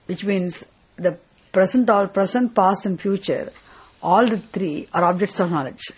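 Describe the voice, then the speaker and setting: A woman's voice: on the low side, breathy edge, rough recording. A woman teaching a scripture class, asking questions, repeating her points and checking with "isn't it?". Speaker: spiritual teacher.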